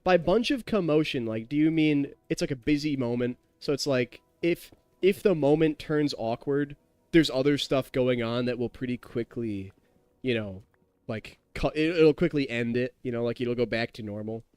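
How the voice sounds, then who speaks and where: A man's voice: mid-range voice, normal speed, a little mellow, clear, resonant tone, no room sound. A tipsy young man in his twenties streaming a game, rambling and chatty, laughing and talking to his chat. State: tipsy from drinking. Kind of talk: casual live-stream chat while gaming.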